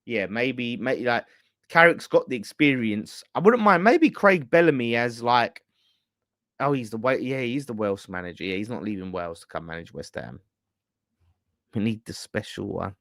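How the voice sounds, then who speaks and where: A man's voice: medium pitch, animated, normal speed, fairly bright tone, dry recording, studio quality. A man hosting a casual fan live stream, ranting bluntly with swearing and laughter. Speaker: fan channel host.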